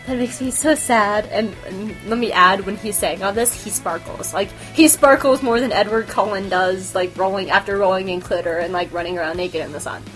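A woman podcast host chatting in a casual, animated way, giggling and swearing as she gushes about her favorite shows. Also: mid-range voice, brisk, few pauses, soft background music. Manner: animated, giggly, profane fangirl gushing. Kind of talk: casual chat.

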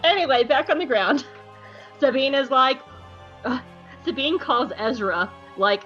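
A woman co-hosting a podcast, recapping an episode in an animated, profane, joking way. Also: high voice, unhurried, long pauses, highs cut off, soft background music. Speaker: podcast co-host.

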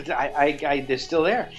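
A man co-hosting a podcast, telling a crude story in a rambling, animated way with lots of restarts. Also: on the high side, measured pace, faint music behind. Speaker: podcast co-host. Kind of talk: casual chat, storytelling.

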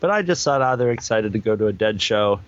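A man's voice: lowish voice, brisk, muffled recording. A man telling a long casual anecdote, rambling and restarting often, and acting out other people's lines. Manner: rambling, with many restarts and fillers; acts out other people's lines in raised voices. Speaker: storyteller guest.

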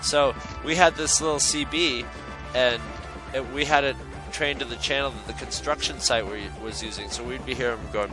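Brief: male podcast host, lively, profane storyteller, mid-pitched voice, with music in the background. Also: fairly quick, poor audio. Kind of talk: casual storytelling.

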